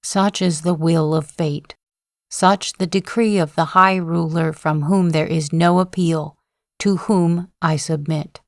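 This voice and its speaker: A woman reading a proud male general who declaims his defiance in long, solemn oaths, voiced slowly in a lowish register. The delivery is dry and close, with no room sound, as befits a sleep-story audiobook. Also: no room sound. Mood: impassioned. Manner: declamatory, impassioned oratory at a slow, even reading pace.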